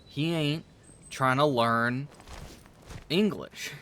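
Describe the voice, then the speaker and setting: A man hosting a let's play, rambling through casual gameplay commentary with animated, profane storytelling. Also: medium pitch, drawn-out words, slight background noise.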